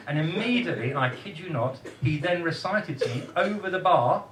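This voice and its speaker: A man's voice: a little high, animated, a little fast, fairly bright tone. A man with a northern English accent performing comic poetry to a live audience in a bar, cheeky and self-mocking. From northern England. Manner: cheeky, self-mocking, laughs at his own jokes. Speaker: poet and host. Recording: echoey cellar bar, distant mic.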